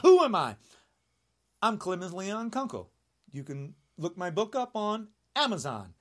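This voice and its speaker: A man in his sixties delivering an angry rant to camera, indignant and sarcastic, swinging between shouted jabs and low muttering. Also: wildly swooping pitch, a little slow. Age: 60s. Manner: mocking sarcasm. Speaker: vlogger.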